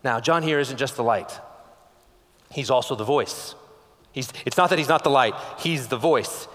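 A pastor from West Texas preaching a sermon in a conversational way, firing off rhetorical questions and checking in with "okay?". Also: male voice, mid-range voice, moderate pace, a bit bright, big-room sound.

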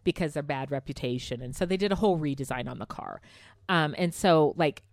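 A woman's voice: deep voice, a little fast, dry recording, clean studio sound. A woman chatting casually as a co-host, telling stories animatedly, swearing freely and acting out the voices of the people she quotes. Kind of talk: casual chat.

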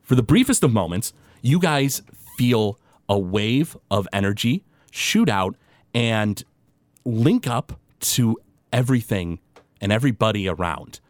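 A man's voice: on the low side, no echo. A man narrating a tabletop game as game master, describing scenes loosely with many fillers.

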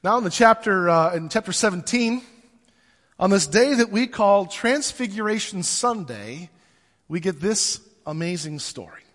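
High-voiced pastor in a reverberant church. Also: male voice, expressive, unhurried, a bit bright. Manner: conversational and casual, with fillers. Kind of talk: sermon.

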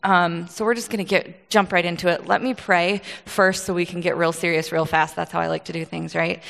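A woman from Michigan giving a conversational sermon, telling stories with quick asides and frequent laughs. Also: on the low side, little pitch movement, gravelly, fairly bright tone, in a large hall. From Michigan, USA. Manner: casual storytelling, quick asides, laughs often. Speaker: preacher.

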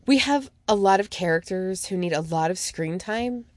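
A woman co-host chats casually with a very lively, swooping pitch. The recording is dry, with no room sound. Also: moderate pace, no echo. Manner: expressive, jumps high for mock quotes. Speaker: podcast co-host. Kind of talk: casual chat recapping a TV show.

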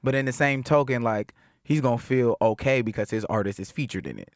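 A young adult man, a rapper, chatting casually in an interview, animated and slangy, acting out other people's voices as he tells stories. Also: medium pitch, brisk, no room sound, studio quality. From Seattle area. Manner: animated storyteller who acts out quoted voices, heavy slang and profanity.

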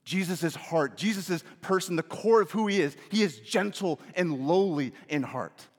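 A man preaching a sermon as pastor, rising to emphatic questions and dropping to soft, hushed phrases. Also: sits high, lively intonation, moderate pace, big-room sound.

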